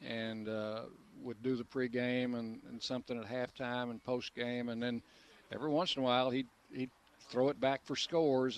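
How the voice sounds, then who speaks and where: A man's voice: mid-range voice, little pitch movement, normal speed, clean tone. Older man, veteran play-by-play voice, easygoing anecdotes, radio interview guest outdoors. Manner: easygoing storyteller, frequent uh fillers and restarts, chuckles. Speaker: longtime sports play-by-play broadcaster, guest. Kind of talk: relaxed reminiscing radio interview. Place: restaurant patio outdoors.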